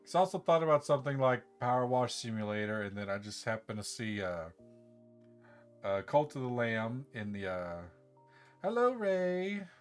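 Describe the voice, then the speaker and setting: A man's voice: fairly low pitch, normal speed, clean tone, soft background music. Rambling man chatting on a live stream. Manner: rambling, relaxed, with laughs and filler restarts. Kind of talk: casual live-stream chat.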